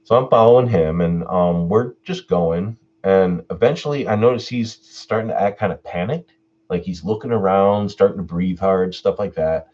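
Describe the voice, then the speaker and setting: A man hosting his own live stream Q&A, telling a personal story in a laid-back way, swearing freely and getting animated when he retells what people said. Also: low-pitched, normal speed, highs cut off. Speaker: channel host doing a live stream Q&A.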